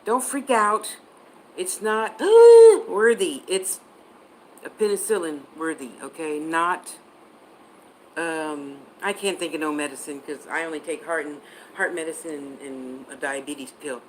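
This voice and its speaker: Chatty psychic woman, low voice. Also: measured pace, a little hiss or hum, low-quality recording. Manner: chatty, answers viewer comments, spells words out. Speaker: psychic reader on a livestream. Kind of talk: casual livestream chat.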